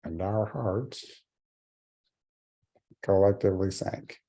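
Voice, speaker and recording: A man's voice: low voice, slow, warm tone. A man in his forties giving a speech, telling a personal story with earnest humor. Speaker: keynote speaker.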